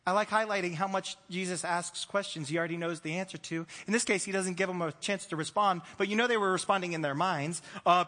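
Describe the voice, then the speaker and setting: A man preaching a sermon, animated and playful, acting out the voices of the disciples. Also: sits high, fast, few pauses. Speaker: pastor. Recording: long hall reverb.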